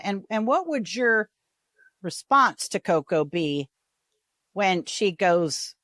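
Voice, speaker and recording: A woman hosting a podcast in casual, chatty conversation, animated and quick to act out quoted voices. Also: medium pitch, no echo, studio quality. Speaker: podcast host. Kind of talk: casual chat.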